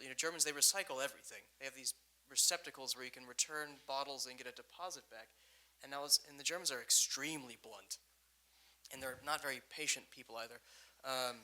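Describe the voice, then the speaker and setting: A man's voice: mid-range voice, pushed and bright, poor audio. A young man on a panel telling a casual, rambling story with lots of fillers, laughing at his own anecdotes. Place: event room.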